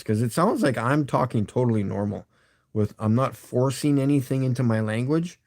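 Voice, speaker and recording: A man's voice: mid-range voice, no room sound, clean studio sound. A middle-aged man with a Canadian accent, rambling and chuckling as he chats casually with his live-stream viewers. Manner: rambling, chuckling, talks to chat.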